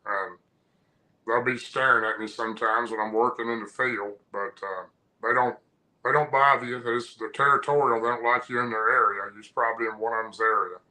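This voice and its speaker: A man's voice: mid-range voice, steady tone, fairly quick, sharp tone, rough recording. A man quoting a folksy old grandfather. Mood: calm. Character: older rural grandfather, calm and plain-spoken.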